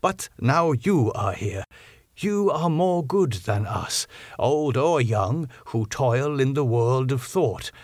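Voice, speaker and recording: A man reading an audiobook, voicing an elderly professor, earnest and slow in his emphasis. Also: mid-range voice, lively intonation, no echo, studio quality, voice pushed up. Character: elderly Dutch professor, grave, kindly. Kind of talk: audiobook character voice.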